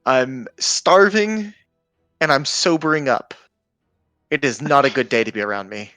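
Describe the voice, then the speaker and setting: A man's voice: medium pitch, unhurried, pushed and bright, dry recording, soft background music. A man playing a stranded, hungry, hot-tempered adventurer, speaking in an exasperated, raised voice. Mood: grumpy.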